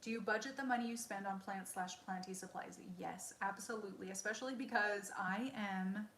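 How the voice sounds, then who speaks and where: A woman's voice: mid-range voice, brisk, a bit bright, echoey room, a little hiss or hum. A woman in her thirties hosting a casual live Q&A from home, chatty and self-deprecating, laughing often, on a wireless mic. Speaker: livestream host answering viewer questions. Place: room at home. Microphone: wireless mic with receiver.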